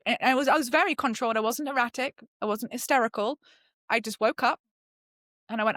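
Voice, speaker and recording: A middle-aged British woman, a podcast guest, telling a personal story in a lively way and acting out the voices she quotes. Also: fairly quick, no echo, studio quality. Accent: British English. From Britain. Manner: lively, acts out quoted voices with sudden high jumps. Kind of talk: animated storytelling.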